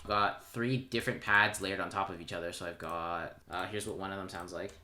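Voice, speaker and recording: A man with a fairly low voice talks through a music project in a casual tutorial, loose and self-deprecating as he points out each part. Loud electronic music plays under his voice the whole time, with keyboard typing now and then. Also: fairly even intonation, brisk. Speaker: music producer explaining his track. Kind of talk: casual screen-recorded tutorial. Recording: music playing loudly under the voice. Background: his own track playing, keyboard typing.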